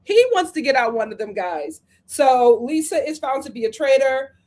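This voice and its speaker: Animated woman recapping reality TV. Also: high voice, normal speed. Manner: animated, acts out cast members' lines. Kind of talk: live show review.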